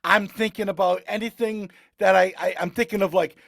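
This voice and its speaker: High, gravelly man telling a story. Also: a little fast, no room sound, studio quality. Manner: animated, bursts into loud emphatic exclamations. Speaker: podcast guest. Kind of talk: casual storytelling.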